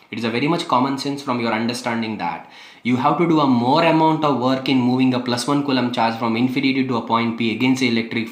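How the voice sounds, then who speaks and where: Emphatic physics teacher, echoey. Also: male voice, medium pitch. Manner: repetitive, emphatic, asks rhetorical questions. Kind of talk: classroom lecture.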